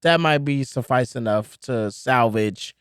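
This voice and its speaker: A man co-hosting a sports podcast, talking in an animated, emphatic way and repeating words for effect. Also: medium pitch, a little slow, clean tone, no echo, studio quality. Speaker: podcast co-host. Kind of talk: casual sports chat.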